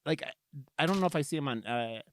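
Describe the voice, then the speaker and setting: A man hosting a podcast in casual chat, swearing often and rambling with animated outbursts. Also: mid-range voice, fast, slight background noise. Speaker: podcast host.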